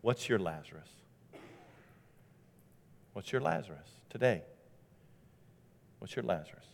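Animated male preacher in a reverberant hall. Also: mid-range voice. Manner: conversational, animated, acts out scripture quotes. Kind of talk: sermon.

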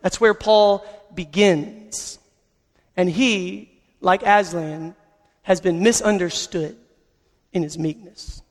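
Earnest high-voiced preacher in a hall. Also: male voice, fairly even intonation, takes it slowly. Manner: earnest, storytelling. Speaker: pastor. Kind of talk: sermon.

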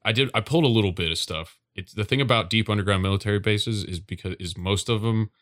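A man co-hosting a podcast in casual chat, tossing off jokes and deadpan asides. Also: on the low side, fast, no room sound, clean studio sound. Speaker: podcast co-host.

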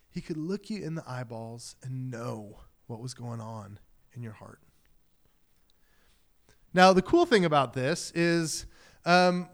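A man preaching a sermon as pastor, talking in a loose conversational way and acting out quoted voices. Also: a little high.

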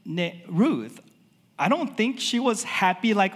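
A male pastor delivers a sermon in a relaxed, chatty way, dropping fillers as he goes. His voice sits high for a man. The sound carries a long reverb from a church hall. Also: normal speed, breathy edge. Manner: casual, conversational preaching with many fillers.

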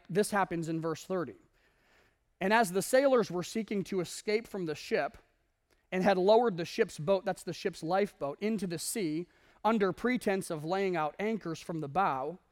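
A male pastor preaching to his congregation, telling a story with animated asides. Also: high voice. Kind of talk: sermon. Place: church in front of a congregation.

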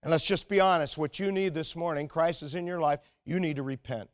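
Male pastor, fairly high voice, earnest sermon delivery that sinks to quiet urgency. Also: brisk. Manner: earnest and exhorting, often dropping to a quiet, intense tone.

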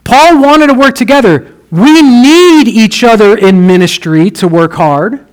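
A man preaching a sermon, expressive, dropping low and soft to stress key words. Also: unhurried, clean tone, rough recording. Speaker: pastor.

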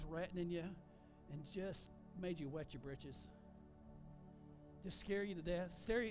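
Animated high-voiced pastor preaching. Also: male voice. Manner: animated preaching with asides to the congregation. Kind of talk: sermon.

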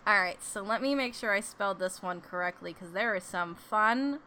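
Bright-voiced northern woman, easygoing chat. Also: medium pitch, normal speed, slight background noise. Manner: easygoing, jokey, trails off into fillers. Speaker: co-host. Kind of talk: casual chat.

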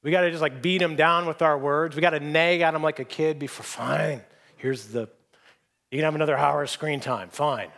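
A man preaching a sermon in a conversational, self-deprecating way, acting out quoted lines in hushed voices. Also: on the high side, steady tone, a little fast. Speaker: pastor. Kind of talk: sermon with personal stories.

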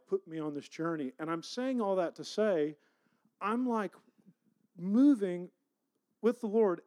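A man, a pastor, telling a personal story in a conversational, animated sermon style. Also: high-pitched. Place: church.

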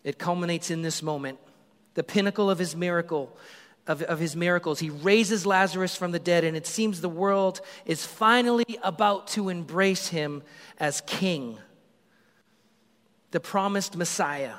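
High-voiced animated preacher in a hall. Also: male voice, moderate pace. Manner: animated storytelling, acts out crowd voices. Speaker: pastor. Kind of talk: sermon.

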